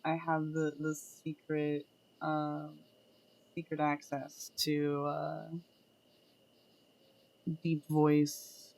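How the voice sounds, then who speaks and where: A woman's voice: deep voice, completely flat delivery, very slow, pauses often, a little mellow. A woman streamer chatting casually and playfully with her viewers while she draws, often laughing. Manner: playful and giggly, greets chat members. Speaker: streamer drawing art live. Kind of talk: casual livestream chat with viewers.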